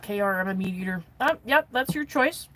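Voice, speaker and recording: An expressive woman with a sharp tone talks briskly on a livestream from inside her camper van. The vanlife vlogger chats casually with her viewers and her dogs, pitch jumping high for the dogs, all captured on a low-quality recording.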